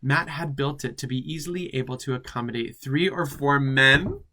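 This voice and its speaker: A man's voice: mid-range voice, normal speed, pushed and bright, slight background noise. Campy drag queen reading with sassy asides. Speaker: drag queen host reading fan fiction. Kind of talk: comedic reading with commentary.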